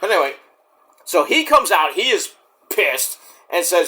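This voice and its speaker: A man's voice: high-pitched, big pitch swings, unhurried, long pauses, sharp tone. A man casually recapping and reviewing a wrestling show, chatty and profane, acting out the wrestlers' lines as he goes. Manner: profane, chatty, acts out quotes.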